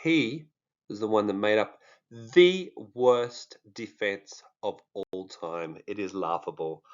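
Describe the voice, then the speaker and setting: A man's voice: lowish voice, slow pace, highs cut off. A man with an Australian accent, talking casually and jokingly to his viewers, with many fillers. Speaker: true crime vlogger. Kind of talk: casual monologue to camera.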